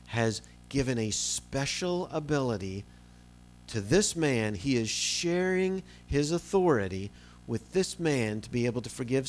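A man preaching a sermon, his pitch leaping and dropping as he retells a Bible story. He swings from loud, pressing emphasis to quiet, low asides. A faint hum sits under the recording. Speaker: pastor.

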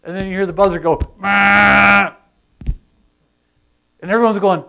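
A man preaching a sermon, animated, asking the congregation questions and acting out sounds. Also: sits high, very fast. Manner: animated, acts out groans and crowd sounds, asks the congregation questions. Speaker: pastor.

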